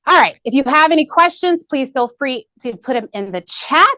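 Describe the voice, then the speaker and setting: Upbeat woman presenter, coaching tone, slightly high voice, dry close sound. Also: moderate pace, dry recording. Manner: energetic, coaching, repeats key points. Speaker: marketing presenter at a company meeting.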